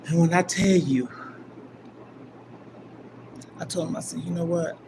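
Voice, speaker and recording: A woman's voice: on the low side, fast talker. Older woman rambling emotionally on a live stream. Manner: rambling and emphatic, swinging from loud bursts down to near-whispers. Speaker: livestream host. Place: gym. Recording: livestream with clear background noise.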